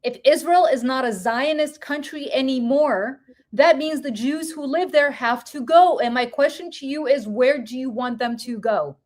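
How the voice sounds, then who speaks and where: Podcast woman, high voice, heated profane rant, hammering rhetorical questions. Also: moderate pace. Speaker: podcast co-host. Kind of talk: heated political commentary.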